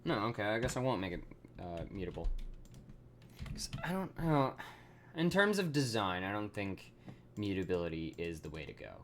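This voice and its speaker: A man's voice: fairly low pitch, sing-song, moderate pace, pauses often, a little hiss or hum. A man thinking aloud as he codes on a live stream, full of fillers and self-corrections, swearing casually and laughing at himself.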